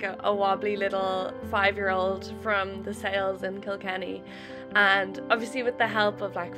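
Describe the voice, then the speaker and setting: A young Irish woman in a chatty, heartfelt vlog voice-over, with lots of "like" fillers. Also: medium pitch. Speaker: channel host. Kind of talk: casual vlog voice-over narration. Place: voice-over over riding footage. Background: background music.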